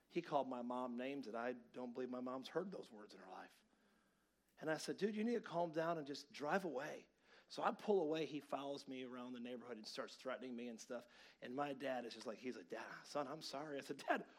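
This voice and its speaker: A man in his forties delivers a sermon in a storytelling manner. His voice swings from hushed, intimate asides to sudden loud outbursts as he acts out the story. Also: medium pitch. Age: 40s. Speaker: pastor.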